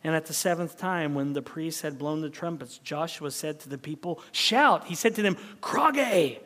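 High-voiced preacher man in an echoing hall. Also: a little fast. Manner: animated preaching, dropping to a hushed whisper for emphasis. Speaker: pastor. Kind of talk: sermon.

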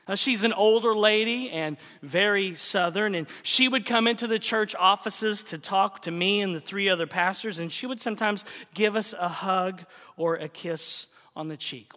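A male pastor delivers an animated sermon full of rhetorical questions. His voice sits high and sounds bright and forceful. It carries a long hall reverb from the church sanctuary.

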